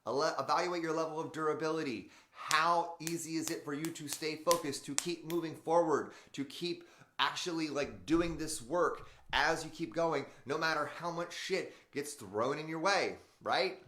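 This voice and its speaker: A man's voice: on the high side, normal speed, pushed and bright, a little hiss or hum. Emphatic man hosting a motivational live stream. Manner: emphatic, swears, addresses live viewers. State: in pain, wearing back brace. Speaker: motivational show host. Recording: roomy echo.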